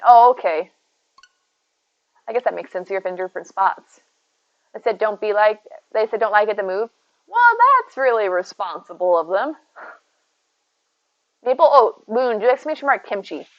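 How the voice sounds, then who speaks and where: A woman's voice: medium pitch, dry recording, muffled recording. A woman streaming from home, chatting casually and rambling to her viewers, reading and answering their messages by name. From United States. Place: home, indoors.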